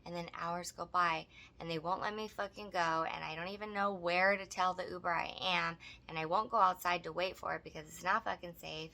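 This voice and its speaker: A woman's voice: lowish voice, steady tone, brisk, sharp tone. A woman co-hosting a podcast, telling a story casually with lots of swearing and emphasis. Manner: profane, emphatic retelling. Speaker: podcast co-host.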